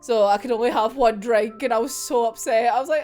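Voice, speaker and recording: A woman's voice: a little high, animated, moderate pace, mellow, soft background music. A Scottish woman from Scotland, vlogging in a casual chat, rambling with lots of "like", swearing and frequent laughter. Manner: rambling, laughs often, swears, says 'like' a lot. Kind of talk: casual chatty vlog.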